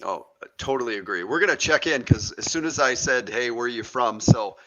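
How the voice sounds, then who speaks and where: A man hosting a live stream, greeting viewers in a friendly, halting way with many uhs. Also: mid-range voice, lively intonation, fairly bright tone, low-quality recording. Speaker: host. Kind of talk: live-stream shout-outs. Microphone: video call.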